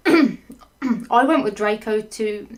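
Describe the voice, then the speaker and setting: A woman reading a badly written story aloud for comedy, breaking off for sarcastic, sweary asides, laughing and clearing her throat often. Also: mid-range voice, drawn-out words, darkish tone. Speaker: fanfiction reader.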